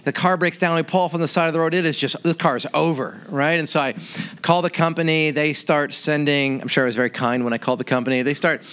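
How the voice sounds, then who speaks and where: A man in his thirties preaching a sermon as pastor, telling a story with animated, acted-out quotes. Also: fairly high pitch, quick pace, smooth.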